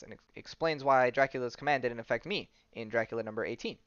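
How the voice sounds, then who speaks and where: A man's voice: medium pitch, fairly quick, a bit bright, no room sound, muffled recording. A man hosting a podcast, casually retelling a comic story with loose jokes and lots of fillers. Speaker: podcast host. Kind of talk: casual comic-book recap.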